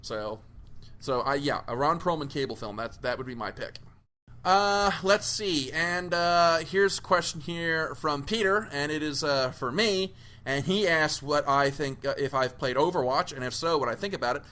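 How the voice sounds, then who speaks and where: Bright-voiced man hosting a chat show. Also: fairly high pitch, moderate pace. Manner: upbeat, reads listener questions with many fillers. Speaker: podcast host. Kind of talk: casual panel chat.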